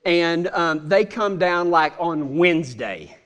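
A man's voice: a little high, expressive, takes it slowly, a bit bright. A man telling a humorous personal story in a folksy, drawling way. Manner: folksy, drawling, self-amused.

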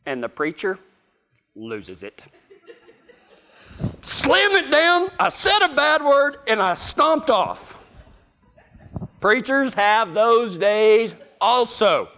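A man's voice: very high-pitched, pushed and bright. A middle-aged man, a preacher telling a folksy, self-mocking story to his listeners. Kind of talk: storytelling sermon.

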